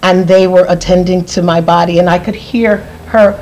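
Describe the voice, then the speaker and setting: A woman's voice: lowish voice, fairly even intonation, normal speed, darkish tone, slight background noise, low-quality recording. Earnest woman telling a personal testimony. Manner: earnest, repeats phrases for emphasis. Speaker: guest.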